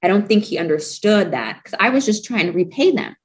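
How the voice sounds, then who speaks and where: A woman's voice: medium pitch, expressive, a little fast, poor audio. A young adult woman, a guest in an interview, telling a personal story candidly and with feeling. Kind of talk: interview conversation.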